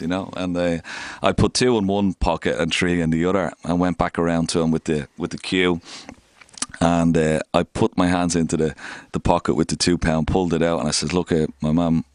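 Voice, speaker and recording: A man in his forties from Ireland speaks with a deep, low voice. He talks in a rambling, chatty way, full of restarts and fillers. The sound is dry and close. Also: no room sound. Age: 40s. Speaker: studio guest. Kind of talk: casual storytelling chat.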